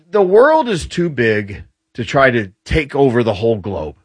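Animated male guest explaining with relish. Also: mid-range voice, breathy edge, dry recording. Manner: animated explainer, quick restarts. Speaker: guest commentator on US military. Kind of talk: casual explanatory talk show chat.

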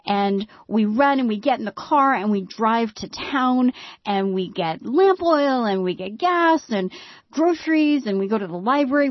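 A woman telling a personal story in a monologue, with wry, dry humor and dramatic hushed drops. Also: mid-range voice, no room sound, muffled recording.

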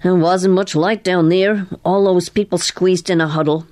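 Woman doing a toothless old carnival mechanic, folksy, rough grammar, lowish voice. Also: steady tone, normal speed, a little mellow, lightly acted. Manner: rough country grammar, plainspoken.

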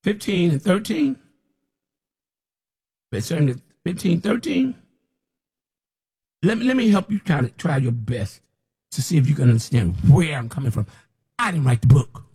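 A fiery man preaching straight at his listeners in a loose, unscripted sermon. His voice sits a little high and has a husky grain. He scolds, circles back and repeats lines to drive them home. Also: animated, moderate pace, long pauses, dark tone. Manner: scolding, impassioned, repeats himself. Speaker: self-described prophet.

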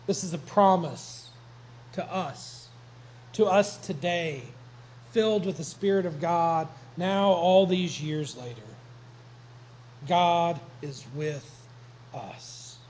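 A man's voice: on the high side, slow pace, darkish tone, a little hiss or hum, rough recording. A man preaching a sermon to a congregation, retelling the story in a conversational, joking way. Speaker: pastor.

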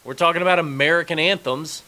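A male co-host on a sports talk show asks questions in a hesitant, earnest way. His voice has a very bright, sharp edge. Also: fairly high pitch, steady tone, fast talker. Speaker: radio co-host. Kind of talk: casual sports talk radio.

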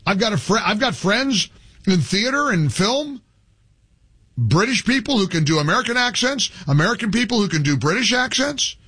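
A man's voice: high-pitched, moderate pace, husky. A man hosting a talk radio show, delivering a heated, opinionated monologue with many restarts. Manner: heated, animated, stumbling restarts. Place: radio studio.

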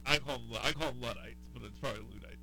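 A man's voice: mid-range voice, racing, creaky, bright, forceful tone, faint music behind, rough recording. A man from the American South hosting a radio talk show, ranting in casual chat and repeating himself when exasperated.

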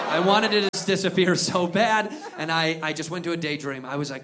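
A man performing an animated, profane stand-up comedy set on a club stage. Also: a little high, quick pace, few pauses, very noisy. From United States. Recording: live club with crowd laughter.

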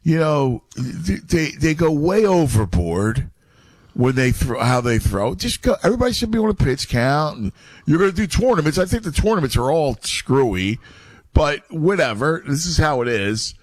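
A man's voice: fairly high pitch, sing-song, moderate pace, no room sound. A middle-aged man in casual chat who talks animatedly, stumbles over his words, and says "dude" a lot.

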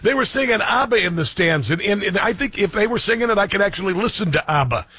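A man hosting an interview, eager and quick to agree with his guest. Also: high-pitched, expressive, pushed and bright, slightly rough, dry recording. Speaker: host. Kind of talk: interview talk.

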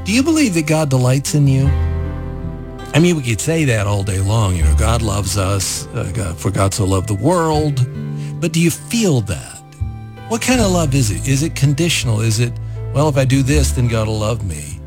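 A man's voice: medium pitch, very animated, normal speed. A man hosting a devotional talk, speaking earnestly and reflectively about scripture. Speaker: host. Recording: music bed under voice.

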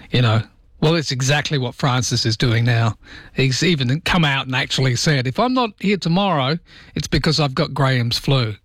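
A man's voice: medium pitch, a bit bright, no echo. A man with an Australian accent hosting an overnight radio show, chatting in a joking, rambling way at a studio microphone. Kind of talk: casual radio chat.

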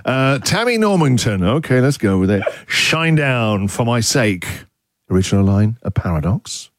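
In a radio studio, a host banters playfully and chuckles often, keeping his delivery lively and jokey over a music bed. He has a medium pitch and moderate pace, recorded through a studio microphone with no room sound at studio quality.

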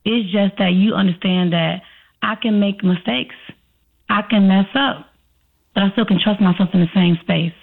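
A woman's voice: medium pitch, moderate pace, gravelly. A woman from Chicago with a slight Chicago accent, a coach answering interview questions and acting out her own inner dialogue. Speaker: self-trust coach, guest. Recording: tinny phone-like line.

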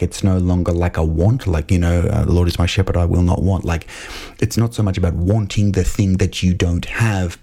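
A young man with a deep, mellow voice hosts a show, discussing a film in casual, analytical talk. He thinks aloud in a rambling way, full of fillers and restarts.

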